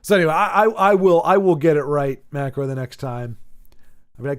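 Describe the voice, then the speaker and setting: A man's voice: a little high, lively intonation, fairly quick, clear, resonant tone. A man casually chatting with viewers on a live stream, joking and answering the chat aloud.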